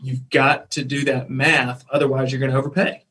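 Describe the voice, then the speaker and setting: A man's voice: medium pitch, little pitch movement, moderate pace, pushed and bright, slightly rough. Male podcast host recapping points. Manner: recaps the guest's points, thinking aloud. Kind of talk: podcast interview.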